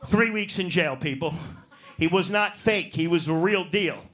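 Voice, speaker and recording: Brash high-pitched comedian on stage. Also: male voice, unhurried, sharp tone, slight background noise. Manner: profane, brash, riffs on audience. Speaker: stand-up comedian. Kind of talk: stand-up set, crowd work.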